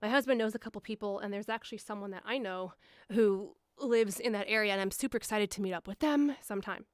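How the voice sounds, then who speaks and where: Chatty young woman with a smooth, dry voice. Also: quick pace, no room sound. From Milwaukee area. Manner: chatty and rambling, full of "um" and "like", acts out quoted lines in higher voices. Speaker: voice actor streaming live. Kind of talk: casual live-stream chat answering viewers. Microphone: studio mic, a foot away.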